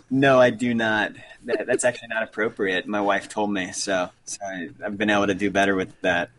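A man's voice: on the low side, flat delivery, normal speed, a bit bright. A man in his thirties hosting a casual podcast chat, easygoing and talkative, often restarting his sentences. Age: 30s. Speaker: podcast host.

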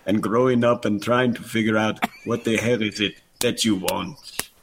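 A man's voice: lowish voice, steady tone, moderate pace, gravelly, very noisy. A man putting on a nasal New Zealand accent to read a woman singer's earnest words. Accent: New Zealand, put on. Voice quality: pinched nasal tone.

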